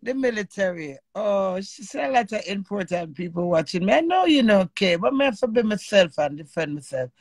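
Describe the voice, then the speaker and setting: Brief: Jamaican woman, live-stream host, fiery and emotional, rough gravelly voice, dry close sound. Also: medium pitch, a little fast, few pauses, no room sound. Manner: animated, emotional, swears freely in patois. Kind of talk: live-stream chat with callers.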